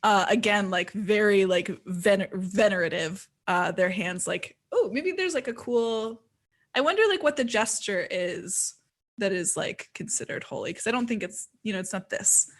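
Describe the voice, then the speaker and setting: A woman's voice: medium pitch, lively intonation, normal speed. A woman playing a tabletop game, thinking aloud with many fillers. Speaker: player. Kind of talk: casual chat at a tabletop game.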